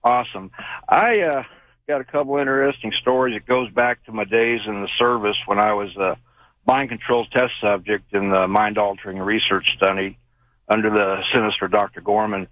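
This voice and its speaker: A man's voice: fairly low pitch, steady tone, moderate pace, no echo. A man calling into a late-night radio show, telling a long rambling story with many fillers. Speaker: caller. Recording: tinny phone line.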